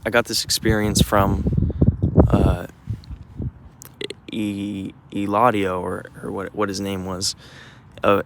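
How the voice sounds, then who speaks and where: This young man's fairly low, slightly bright voice comes through over a little background noise as he vlogs on a dog walk outside. He rambles casually, restarting himself and leaning on filler words.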